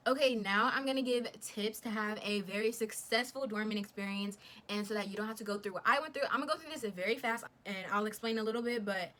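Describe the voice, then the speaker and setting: A young woman telling a storytime vlog in a casual, animated way, swearing freely and filling with "like". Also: medium pitch, fast, slight background noise. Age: young adult. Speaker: vlogger.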